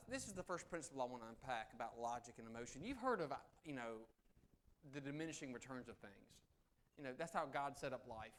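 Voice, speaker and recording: A middle-aged man giving a live negotiation seminar, swinging between loud emphasis and soft, low asides. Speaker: negotiation speaker. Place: meeting room with audience.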